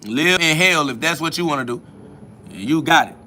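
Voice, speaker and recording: Bright-voiced combative man ranting. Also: a little high, animated, normal speed. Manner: combative, mocking, profane. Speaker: podcast host answering comments. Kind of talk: profane spiritual rant.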